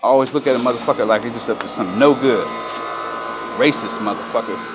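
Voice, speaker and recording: A man filming himself on a phone in a large store, heated and profane in an angry confrontation. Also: medium pitch. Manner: heated, profane, fast-talking. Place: large retail store indoors. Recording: loud store noise behind. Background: store ambience.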